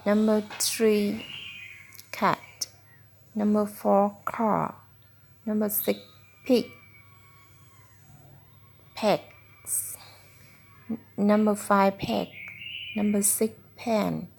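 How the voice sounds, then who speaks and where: A woman reads a children's phonics lesson aloud at a very slow, careful pace, sounding out each word. Her voice has a gravelly, creaky edge. She paces it like a patient tutor working through the book with a child. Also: medium pitch, little pitch movement, a little mellow, slight background noise. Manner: slow, deliberate word-by-word reading. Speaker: reading tutor.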